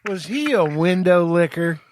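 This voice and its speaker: A man co-hosting a podcast, throwing in quick jokes and wisecracks during casual banter. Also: high voice, expressive, a little hiss or hum. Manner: wisecracking, joking interjections. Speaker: podcast co-host.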